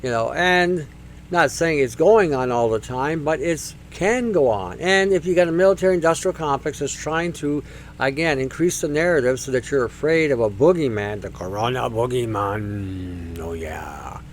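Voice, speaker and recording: A man's voice: fairly high pitch, moderate pace, a little hiss or hum. A man hosting a talk show, speaking in a rambling, emphatic monologue that circles back on itself. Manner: rambling, emphatic, repeats himself. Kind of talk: casual monologue.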